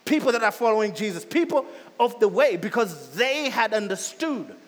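High-voiced man preaching in a reverberant hall. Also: very animated, normal speed. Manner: emphatic preaching, repeats phrases, swells loud then drops soft. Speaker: pastor. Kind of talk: sermon.

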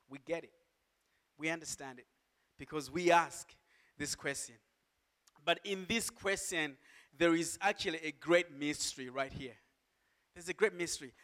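A man preaching a sermon as pastor, earnest and emphatic, slowing down to stress key words and rising into impassioned cries. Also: fairly high pitch, fairly bright tone.

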